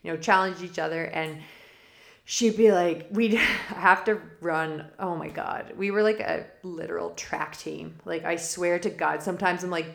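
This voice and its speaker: Hosting a spiritual forecast podcast, a woman with a lowish, fairly bright voice speaks in a steady, unhurried way with some vocal fry. Her casual monologue rambles off on tangents, and she laughs often mid-sentence. The room has a roomy echo.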